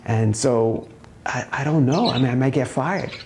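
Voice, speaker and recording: A man's voice: mid-range voice, moderate pace, noisy background, close to an everyday voice. A man playing a nervous, devout male chauffeur who stammers and hesitates, in a told joke. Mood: hesitant.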